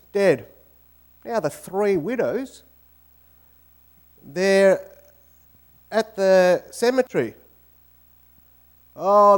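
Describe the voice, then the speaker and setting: An Australian man speaking to a crowd in a university auditorium. His voice sits a little high for a man, and he tells jokes in a lively way, getting louder as he goes. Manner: lively storyteller, grows loud when telling jokes. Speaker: guest speaker. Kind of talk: informal talk with joke-telling.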